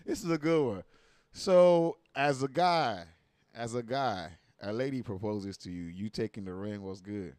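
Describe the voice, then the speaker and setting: A man's voice: medium pitch, a little slow, darkish tone, no room sound. A man hosting a livestream, reacting to viral clips in casual, slangy, profane talk full of rhetorical questions.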